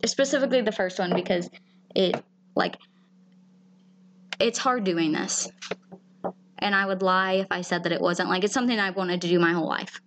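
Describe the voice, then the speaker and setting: A woman's voice: fairly low pitch, normal speed, long pauses, background noise. A woman co-hosting a casual podcast, talking candidly and emotionally and swearing freely. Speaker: podcast co-host. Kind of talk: casual chat.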